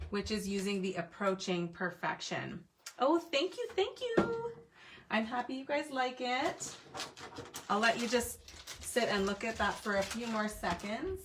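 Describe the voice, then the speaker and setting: A woman's voice: mid-range voice, fairly bright tone, a little hiss or hum. A woman in her thirties hosting a card-making live stream from her home craft desk, chatting playfully with viewers as she works. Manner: chatty, playful, talks to viewers while working. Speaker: card-making livestream host. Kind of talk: casual crafting demo chat.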